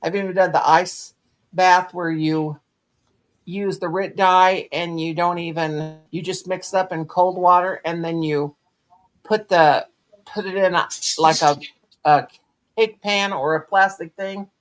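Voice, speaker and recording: A woman's voice: on the low side, steady tone, unhurried. Middle-aged woman, folksy earthy host on a craft stream. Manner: folksy storyteller, earthy and blunt. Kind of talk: casual chat on a live stream.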